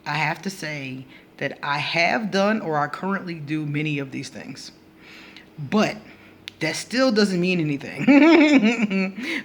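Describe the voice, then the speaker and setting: An astrology vlogger speaks directly to the camera in a casual, blunt and animated way, laughing between her points. Her voice is on the low side, and there's a little hiss or hum in the audio.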